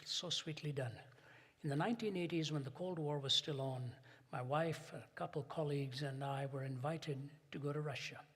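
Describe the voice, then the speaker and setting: An older man giving a public lecture, an emphatic storyteller who builds to dramatic pauses. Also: on the high side, pushed and bright, husky. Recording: long hall reverb.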